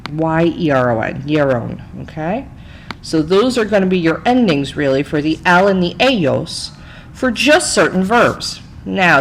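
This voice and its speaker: A woman teacher narrates a recorded slide lesson in a chatty, step-by-step way. Her pitch sits a touch low but moves around a lot. A faint hum of room noise sits under her voice. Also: low-quality recording. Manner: lively, chatty, explains step by step with frequent "okay?". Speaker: Spanish teacher.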